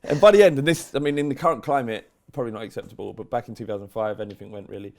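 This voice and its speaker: A man co-hosting a podcast, chatting casually about football, animated and sweary, swinging between loud outbursts and low asides. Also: rapid-fire, gravelly. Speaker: podcast co-host.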